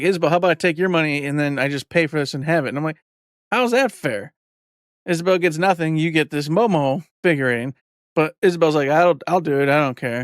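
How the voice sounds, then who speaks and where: Man, 40s, smooth resonant voice, dry close sound, rambling casual storyteller. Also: medium pitch, no room sound. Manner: rambling storyteller, acts out quotes. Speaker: podcast co-host. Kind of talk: casual chat.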